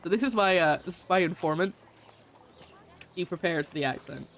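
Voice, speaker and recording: A woman's voice: on the low side, brisk, slight background noise. A woman streaming a video game and chatting casually as she plays, giggling often and making fun of herself. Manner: giggly, chatty, self-mocking. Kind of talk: casual let's-play commentary.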